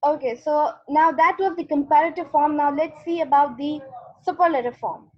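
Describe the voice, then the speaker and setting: A woman's voice: high voice, normal speed, highs cut off. A woman teacher giving an online grammar lesson, explaining patiently step by step and checking in with "okay".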